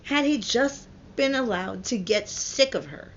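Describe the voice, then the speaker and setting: A woman's voice: fairly high pitch, expressive, measured pace, a little hiss or hum. A woman vlogger and parent retelling a classic story in a blunt, profane, chatty way, in a dull lo-fi recording.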